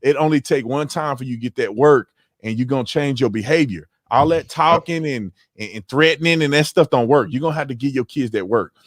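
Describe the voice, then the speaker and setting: A man's voice: medium pitch, fairly quick, no echo, studio quality. A man hosting a casual panel livestream, telling stories with slang and acting out what people said. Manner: animated storytelling, slangy, acts out quotes. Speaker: host.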